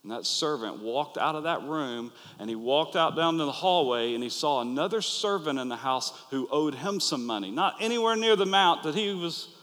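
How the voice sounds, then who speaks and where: A pastor preaching an earnest, animated sermon to his listeners, acting out the quoted lines. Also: fairly high pitch, normal speed, few pauses. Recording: long hall reverb.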